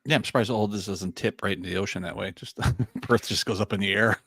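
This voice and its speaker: A man's voice: fairly low pitch, fast, a bit bright, breathy edge, no echo, clean studio sound. Enthusiastic, laughing male podcast co-host. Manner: enthusiastic, swears freely, laughs. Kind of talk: casual podcast chat.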